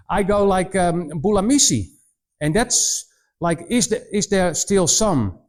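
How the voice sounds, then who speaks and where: A man in his forties giving a missionary presentation to students, telling stories in an animated way, mimicking voices and often restarting his sentences. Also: high voice. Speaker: missionary speaker. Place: college presentation room.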